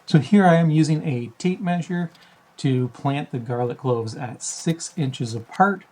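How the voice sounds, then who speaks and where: A man hosting a backyard farming channel, reading a scripted voice-over in a measured, explanatory tone. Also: a little high, darkish tone, poor audio. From Canada.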